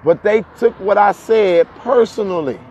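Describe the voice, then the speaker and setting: A man hosting a casual live stream to his viewers, talking in while walking uphill, a bit out of breath, animated, repeating himself and laughing often. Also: high voice, normal speed, breathy edge. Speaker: livestream host. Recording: dull lo-fi phone audio with faint street noise.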